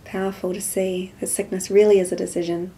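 A woman, softly telling a personal spiritual story as an interview guest. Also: medium pitch, little pitch movement, fairly quick. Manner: soft-spoken storytelling, acts out quoted dialogue.

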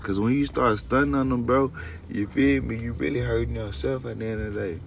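A young man with a gravelly, creaky voice, talking straight to his viewers during a late-night livestream. He tells his stories in a loose, rambling way. The sound comes from a phone set a little way off, with a faint hum behind him. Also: medium pitch, steady tone, fairly quick, far from the mic. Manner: loose, storytelling, talks straight to chat.

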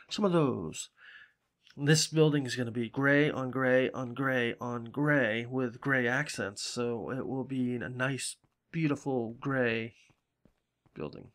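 Slow-talking man narrating gameplay. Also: mid-range voice. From Salem, Massachusetts. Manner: rambling, profane, chatty. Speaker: gaming channel host. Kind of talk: casual gameplay commentary.

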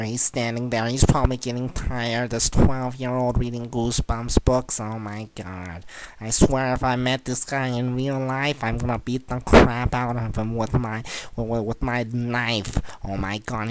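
A teenage boy giving gameplay commentary, boastful and trash-talking, bursting into shrill yelling. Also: heavy background noise. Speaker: gamer commentator.

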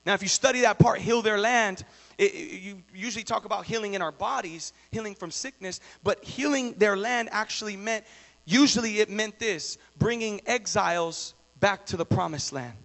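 A male preacher delivering a sermon, moving from quiet storytelling to shouted exhortation. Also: high-pitched, normal speed, gravelly, in a large hall. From Texas.

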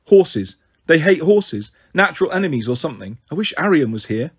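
A tough teenage girl gives short, matter-of-fact answers, as a male narrator puts her on. The voice is husky and pitched a little high, and her delivery stays terse. It is a storybook reading of an adventure novel. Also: very animated, a little fast.

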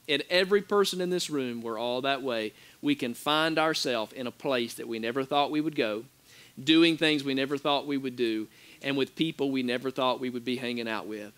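High-voiced man preaching a sermon. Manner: animated storytelling, acting out quotes, laughing at his own story. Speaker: pastor. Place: church sanctuary.

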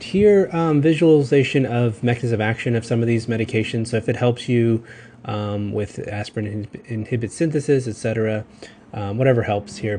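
A man's voice: medium pitch, warm tone, slight background noise. Casual Southern-accented male lecturer. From Texas. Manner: casual, rambling, self-correcting, with quick asides. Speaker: pharmacology lecturer. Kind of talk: recorded lecture.

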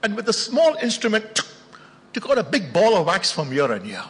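A pastor preaching in a story-driven way, returning to his phrases again and again to drive them home. His voice sits fairly high for a man. A long hall reverb trails each line. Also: wildly swooping pitch, moderate pace, a bit bright, slightly rough. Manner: storytelling, repeats phrases for emphasis. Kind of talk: sermon.

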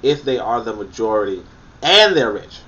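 A man's voice: medium pitch, very animated, moderate pace, fairly bright tone, lo-fi sound. Emphatic man reading and critiquing, distant mic. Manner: emphatic, repeats points for emphasis; incredulous and scoffing. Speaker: commentator. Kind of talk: reading a book aloud with critical commentary.

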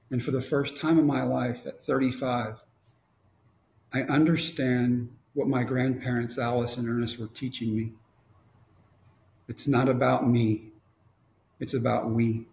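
Gravelly middle-aged man, wry storyteller, echoey room. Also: mid-range voice, a little mellow. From Texas. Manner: wry, storytelling with quoted dialogue. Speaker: motivational speaker. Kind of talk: storytelling talk.

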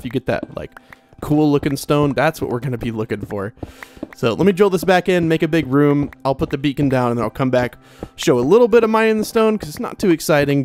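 Casual gameplay host, young man, mid-pitched, rambly, self-deprecating asides to the audience. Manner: chatty, rambling, self-deprecating, talks straight to viewers. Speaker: Minecraft let's play host.

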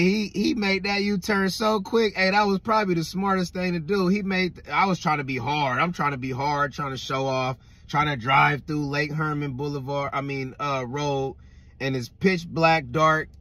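A young man telling a spooky story in a casual, animated way, swearing often and checking in with the listener. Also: on the high side, moderate pace. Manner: animated, swears a lot, keeps asking "right?". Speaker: vlogger.

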